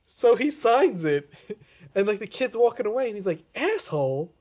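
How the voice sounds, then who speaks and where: A man's voice: high-pitched, expressive, normal speed, a little mellow. A man co-hosting a sports podcast who laughs through his stories and swears in casual chat. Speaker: podcast co-host.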